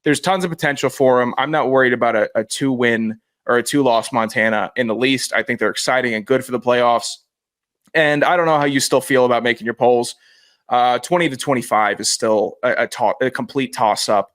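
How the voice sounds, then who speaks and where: Co-host: young man from Virginia, sore voice, rambling and halting, dry close sound. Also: medium pitch, fairly bright tone, no room sound. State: sore voice, coughing. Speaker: podcast co-host. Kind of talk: casual sports chat.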